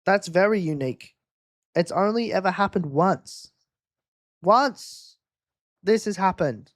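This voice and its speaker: A man's voice: sits high, animated, slow pace, a bit bright, no echo, studio quality. A man hosting a live race-watch quiz stream, teasing viewers in casual chat.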